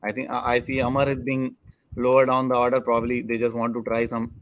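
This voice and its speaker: A man's voice: mid-range voice, monotone, fast talker, no room sound. A man talking cricket as an analyst on a panel video call, earnest and prone to restarting his sentences. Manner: earnest, restarts sentences, non-native grammar.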